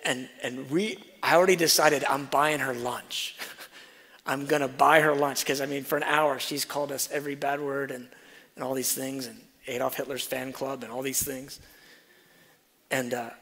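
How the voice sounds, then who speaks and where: Man, sermon storytelling, animated, soft asides then loud emphasis, gravelly, long hall reverb. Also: medium pitch, moderate pace. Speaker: preacher.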